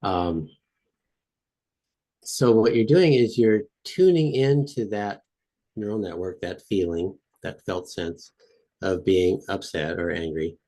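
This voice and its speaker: Low-voiced man guiding a demonstration. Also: takes it slowly, mellow. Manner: repetitive, demonstrative, chanting phrases with rising intensity. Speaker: guest expert. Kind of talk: podcast interview, guided demonstration.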